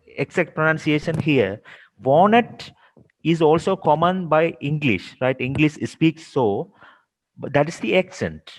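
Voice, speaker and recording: Man, class participant, halting explanations, long room echo. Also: a little high, a little hiss or hum. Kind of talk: online class discussion.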